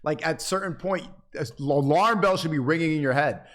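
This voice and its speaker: A young man hosting a casual livestream, talking fast and animatedly, swearing and reading out chat donations. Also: a little high, fairly bright tone. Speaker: streamer host.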